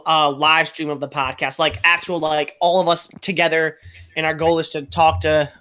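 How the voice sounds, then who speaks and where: A man co-hosting a casual podcast, telling stories in an animated, chatty way. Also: on the high side, moderate pace. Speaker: podcast co-host.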